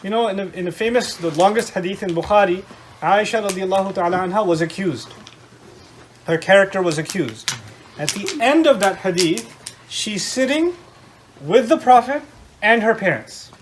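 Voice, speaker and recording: A middle-aged man giving an animated religious lecture to a live audience, often quizzing his listeners with questions. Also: high voice, moderate pace, a little hiss or hum. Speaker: Islamic lecturer.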